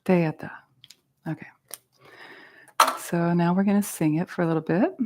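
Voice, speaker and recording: A woman from Central California teaching a Buddhist meditation class, explaining gently with a light, playful touch. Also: fairly low pitch, fairly even intonation, moderate pace, heavy background noise.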